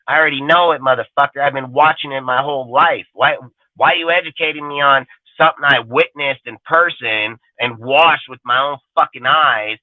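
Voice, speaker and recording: A man rants in a live fan-show segment, blunt and profane, full of street slang. His voice sits at an ordinary middle pitch. It comes through dry and tinny, like a phone line. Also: dry recording. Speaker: podcast co-host.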